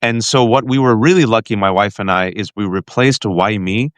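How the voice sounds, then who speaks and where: A man hosting a show and telling an emotional family story to his guest with animated energy, often restarting his sentences. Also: lowish voice, normal speed, no room sound. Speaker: podcast host. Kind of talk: heartfelt personal storytelling to a guest.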